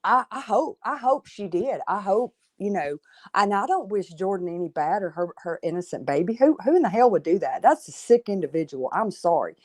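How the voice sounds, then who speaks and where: A woman's voice: mid-range voice, lively intonation, fairly quick. A woman in casual chat, earnest and blunt, speaking from the heart.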